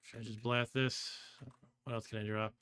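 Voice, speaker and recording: A man's voice: mid-range voice, level tone, moderate pace, fairly bright tone, clean tone. A man casually commenting on his own game during a live stream, thinking aloud, trailing off and laughing often. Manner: chatty, laughs often, reads chat aloud. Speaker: streamer playing a computer game.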